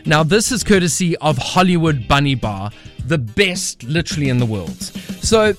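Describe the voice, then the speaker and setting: A man hosting a radio show, asking questions in an enthusiastic, lively way. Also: fairly high pitch, normal speed, faint music behind. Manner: lively, enthusiastic, laughs often. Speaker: radio host. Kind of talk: upbeat radio interview. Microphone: studio mic.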